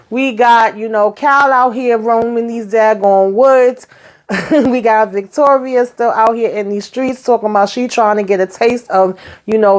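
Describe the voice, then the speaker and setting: A woman hosting her own recap channel, chatting casually and folksily, calling her listeners child and honey and acting out the characters' lines. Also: medium pitch. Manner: acts out the characters' lines in quick voices.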